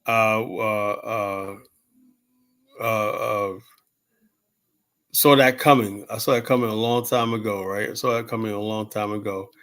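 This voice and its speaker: A man's voice: lowish voice, fairly even intonation, a little slow, long pauses, fairly bright tone. A man in his fifties telling rambling stories in casual talk, swearing freely and full of fillers and restarts. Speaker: show host telling stories.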